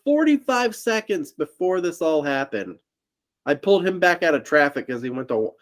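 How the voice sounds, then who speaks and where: A man's voice: a little high, normal speed. Laughing man telling a wild story. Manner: laughs often through his own story; animated, acts out the people in his story. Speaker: podcast co-host. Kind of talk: casual storytelling chat.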